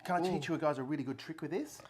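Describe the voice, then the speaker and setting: A woman's voice: low voice, fast, noisy background. A woman hosting a playful cooking-show parody in a bubbly presenter voice. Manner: bubbly put-on presenter voice, giggly.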